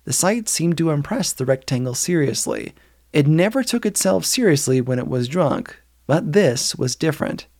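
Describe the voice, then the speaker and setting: A man reading a novel aloud in steady, measured narration, lifting his voice for the characters' lines. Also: on the high side, no echo, clean studio sound. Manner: steady, measured storytelling, lifting the voice for quoted speech. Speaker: audiobook reader. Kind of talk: scripted narration.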